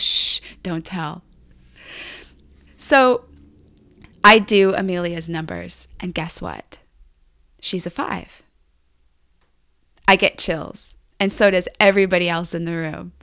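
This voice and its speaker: A woman hosting a podcast, telling a family story with animated enthusiasm. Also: on the low side, gravelly, clean tone. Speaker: podcast host.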